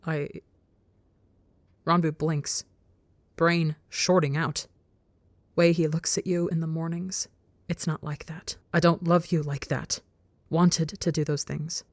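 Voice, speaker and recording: A woman reading a story aloud as narrator, in a measured, intimate storytelling manner. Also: deep voice, level tone, dry recording. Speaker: audiobook narrator. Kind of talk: scripted narration of fan fiction.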